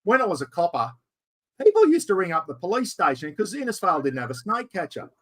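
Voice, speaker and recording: An Australian man in middle age hosts a casual chat with a slightly raised pitch. He tells his stories in an animated, yarn-spinning way. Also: a little fast. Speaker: host.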